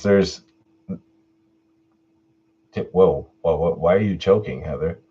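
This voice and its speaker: A man with a lowish voice chats at an unhurried pace, swinging his pitch freely as he laughs his way through requests. He talks to his viewers in a relaxed, casual manner. The sound is dull and lo-fi, from a home mic. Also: breathy edge. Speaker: YouTube horror story narrator. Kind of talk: casual Q&A chat.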